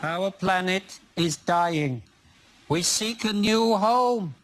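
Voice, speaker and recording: A man putting on a slow solemn alien. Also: sits high. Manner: slow, grave pronouncements. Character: solemn alien visitor seeking new home. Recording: loud background noise.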